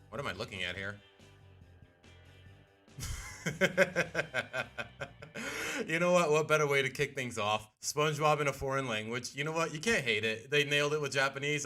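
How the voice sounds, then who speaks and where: A man's voice: medium pitch, pushed and bright. Rambling man chatting on a livestream. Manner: rambling, keeps saying "you know what". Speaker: streamer. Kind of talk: casual livestream chat.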